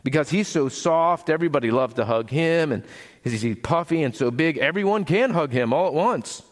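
A man's voice: on the high side, animated, moderate pace, pitched above the performer's own voice, natural voice. A man voicing a gloomy young boy elephant in a children's story read aloud, in a raised, pleading voice. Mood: eager guessing.

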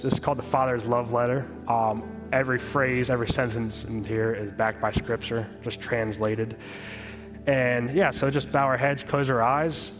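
A young man speaks to a church gathering in a relaxed, unpolished way. He fills his sentences with "like" and "kinda", as if he is chatting with friends. His voice sits at a middle pitch for a man. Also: normal speed, big-room sound, music in the background. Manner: informal, many fillers like "like" and "kinda". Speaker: speaker giving a testimony talk. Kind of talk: casual sermon.

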